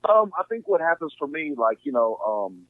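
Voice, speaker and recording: Over a dry, tinny line that sounds like a phone, a man from Inglewood, California, talks casually as a podcast guest. His voice sits fairly high with big swings in pitch, his pace is moderate, and his heartfelt, earnest speech is full of fillers.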